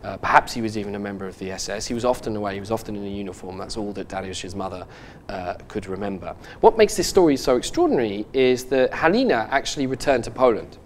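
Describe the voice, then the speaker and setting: A man hosting a podcast, telling a story in a halting, earnest way with many restarts and fillers. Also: on the low side, lively intonation, slight background noise. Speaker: podcast host. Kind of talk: casual podcast chat.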